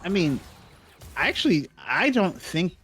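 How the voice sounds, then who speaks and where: A man's voice: high voice, very animated, measured pace, fairly bright tone, slightly rough. A man casting an esports match with chatty, joking play-by-play that often corrects itself. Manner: chatty, self-correcting, jokey. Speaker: esports caster. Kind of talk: play-by-play commentary.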